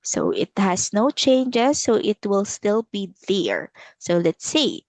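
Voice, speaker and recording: A woman's voice: medium pitch, huge pitch swings, slow, a little mellow, no room sound. A woman teaching English to a child over a video call, patiently repeating words. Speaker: English tutor. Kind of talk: online English lesson for a child.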